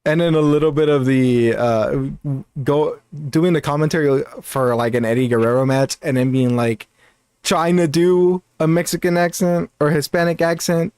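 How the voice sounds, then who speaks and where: A man co-hosting a casual gaming podcast, rambling with many restarts and quick laughs. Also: a little high, steady tone, a little mellow, smooth. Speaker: podcast co-host.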